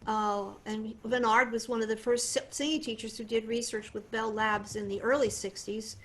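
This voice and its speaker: An older woman voice teacher explaining singing technique in a conversational, animated way. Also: on the high side, normal speed, a little hiss or hum. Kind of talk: voice lesson demonstration and explanation.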